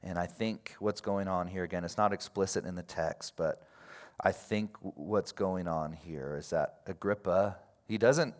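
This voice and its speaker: Give me a man with a low-ish voice preaching a sermon, casual and animated. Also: unhurried. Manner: casual and animated, swings from quiet to loud. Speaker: pastor.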